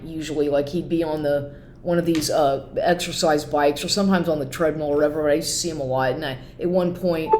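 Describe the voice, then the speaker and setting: A woman's voice: low-pitched, echoey room, slight background noise. A woman talking casually in a rambling monologue, full of "like" fillers.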